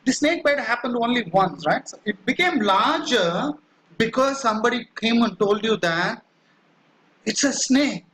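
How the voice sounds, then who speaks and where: A man lectures with a high, bright voice, walking listeners through an example at an easy, halting pace. He leans on "uh" and keeps asking "right?" to check that the class follows. His tone is that of a teacher explaining to students. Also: animated, slight background noise, poor audio. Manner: explanatory, frequent "right?" check-ins and "uh" fillers; acts out quoted cries.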